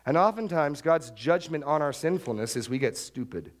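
A middle-aged male pastor preaching an expository sermon, emphatic and repetitive, with sharp upward jumps when he stresses a point. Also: fairly high pitch, lively intonation, normal speed. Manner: emphatic, repeats key phrases, rises sharply for stress.

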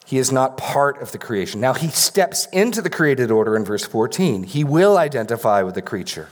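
A man's voice: medium pitch, very animated, moderate pace. A man preaching a verse-by-verse sermon as pastor, repeating key phrases for emphasis. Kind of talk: expository sermon.

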